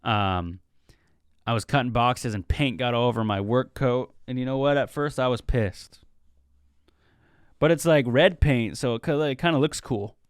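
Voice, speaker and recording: A man's voice: medium pitch, moderate pace, smooth, no room sound, clean studio sound. A young man in his twenties hosting a solo podcast, talking casually in a rambling, chatty way and acting out bits of quoted talk. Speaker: podcast host.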